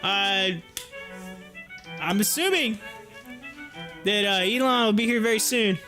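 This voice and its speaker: A young man hosts a live stream from home, chatting casually, joking and laughing frequently while he waits. His voice is high, slow, pushed and bright, with faint music playing in the background.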